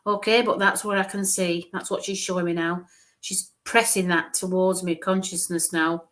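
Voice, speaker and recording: A woman's voice: on the low side, level tone, normal speed, a bit bright. A woman medium giving a live-streamed psychic reading, musing aloud, hesitant, repeating sounds and letters.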